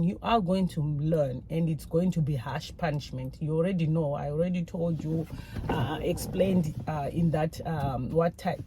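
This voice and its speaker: A woman's voice: on the low side, a little mellow, slightly rough. A mother giving frank, self-critical parenting advice in a casual, personal way with plenty of fillers.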